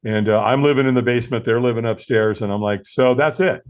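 An American man in his sixties, appearing as a podcast guest, tells his own story in a conversational interview. He's earnest and animated, speaking quickly in a lowish voice with frequent fillers and restarts.

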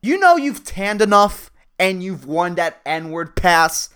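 A man's voice: sits high, sing-song, slow pace, fairly bright tone, smooth. A man hosting a solo comedy podcast, ranting in a profane, rambling way and laughing at his own jokes. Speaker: podcast host.

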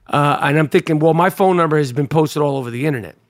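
High-voiced, profane man rambling solo. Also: fast. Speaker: podcast host. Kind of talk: casual monologue. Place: New York.

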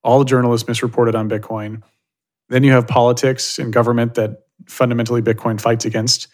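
A man's voice: mid-range voice, little pitch movement, fairly quick, darkish tone. A man speaking as a guest in a casual interview, thoughtful and rambling with lots of fillers. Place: Silicon Valley.

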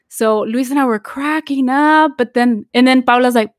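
A woman's voice: sits high, moderate pace, no echo, clean studio sound. A woman co-hosting a casual podcast chat, a mother of twin girls who slips Spanish phrases into her English. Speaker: podcast co-host.

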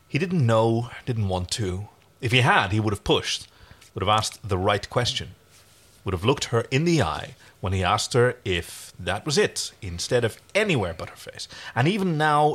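A man co-hosting a story reading, reading aloud with joking asides. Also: mid-range voice. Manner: animated, jokey.

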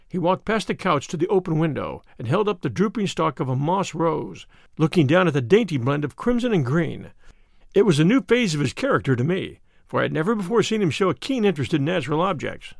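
A man reads the story aloud as an audiobook narrator. His voice sits fairly high and moves through lively rises and falls. The recording is dry and close. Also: fairly quick, gravelly, dry recording. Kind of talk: scripted narration.

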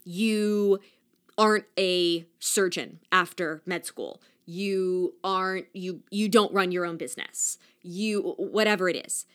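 A woman's voice: lowish voice, steady tone, slow pace, a bit bright. A young adult woman hosting a solo podcast, talking in an earnest, reflective way with many casual "like" fillers. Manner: earnest and reflective, talks with her hands, frequent "like" fillers. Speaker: podcast host.

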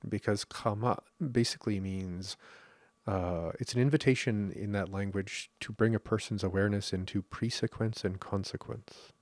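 A man's voice: fairly low pitch, steady tone, moderate pace, no echo. A Canadian man talking casually on a podcast, rambling with restarts and frequent laughs. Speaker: podcast host. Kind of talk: casual conversational podcast talk.

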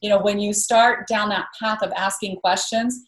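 Woman, interview guest, earnest, storytelling, mid-pitched voice. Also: fairly even intonation, normal speed. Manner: earnest, storytelling, repeats words when starting a thought. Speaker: guest author. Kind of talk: interview conversation.

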